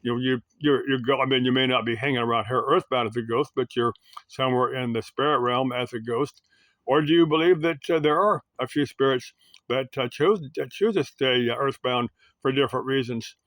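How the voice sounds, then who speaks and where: A man hosting a rambling solo talk, musing aloud in a halting way, with many uhs and restarts. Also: medium pitch, fairly bright tone, no echo.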